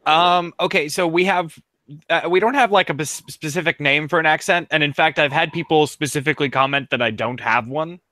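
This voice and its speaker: A man's voice: on the high side, a little fast, pushed and bright, no room sound. A man from Connecticut with a light Connecticut accent, explaining hesitantly with many ums in a casual chat. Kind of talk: casual live-stream chat.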